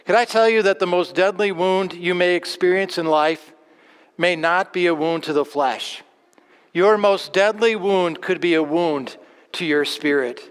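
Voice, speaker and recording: A male pastor preaching a sermon in a church, earnest, repeating words and slowing on key phrases. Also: sits high, clear, resonant tone. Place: church sanctuary. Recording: long church reverb.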